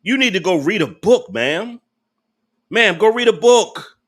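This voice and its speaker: A man's voice: sits high, animated, a little slow, fairly bright tone. A man hosting a live reaction stream, ranting in an angry, preachy and profane way. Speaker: host of a live reaction channel.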